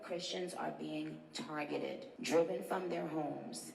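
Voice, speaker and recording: A woman giving a formal prepared speech, solemn and deliberate. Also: low-pitched, fairly even intonation, gravelly, darkish tone. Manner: slow, deliberate, solemn delivery. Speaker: speaker at a public address. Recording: echoey hall audio.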